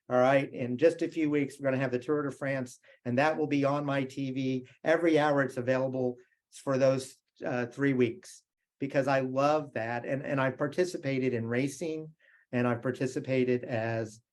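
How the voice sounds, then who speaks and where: With a medium-pitched voice and fairly even intonation at normal speed, a middle-aged man from the United States delivers a motivational keynote. He shares stories in a conversational manner and asks the crowd questions.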